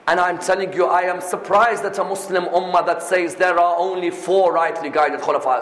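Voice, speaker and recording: A man's voice: sits high, steady tone, normal speed, hardly any pauses, fairly bright tone. A man giving a religious lecture, pressing his points with rhetorical questions and emphatic repetition. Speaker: preacher. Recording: echoey hall recording.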